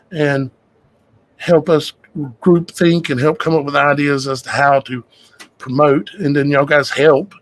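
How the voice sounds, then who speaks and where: Man host, folksy and meandering, pitched a bit high. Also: low-quality recording. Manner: rambling, conversational, folksy with "y'all guys". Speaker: show host. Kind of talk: casual talk to viewers.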